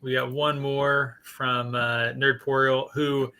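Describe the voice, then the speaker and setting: A man hosts a casual streamed panel chat with a bright, forceful voice. He rambles a bit and repeats himself as he reads out viewer messages. His pitch sits in an ordinary middle range. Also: level tone, slow, clean tone. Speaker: livestream host.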